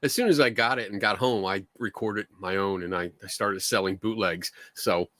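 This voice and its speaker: A man's voice: lowish voice, moderate pace, a bit bright, no room sound, studio quality. A man hosting a casual live stream, joking and reading viewer questions aloud.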